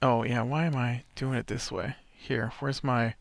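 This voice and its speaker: A man's voice: medium pitch, level tone, measured pace, gravelly. A man hosting a let's play, chatting casually over gameplay in a rambling, nitpicky way with many fillers.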